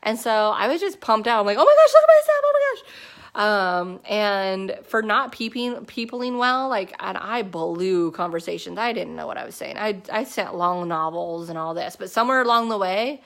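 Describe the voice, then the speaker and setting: A woman's voice: mid-range voice, normal speed, creaky, few pauses, fairly bright tone. A woman in her thirties telling her personal story to a team in a casual, chatty way, with many fillers and restarts. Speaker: network marketing distributor.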